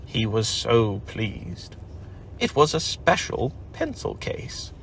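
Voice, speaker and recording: A man narrating a children's storybook aloud at home in an unhurried, expressive manner. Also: mid-range voice, vocal fry, a little hiss or hum. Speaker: audiobook narrator. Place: home, family baking nearby. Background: faint household sounds of cookie making.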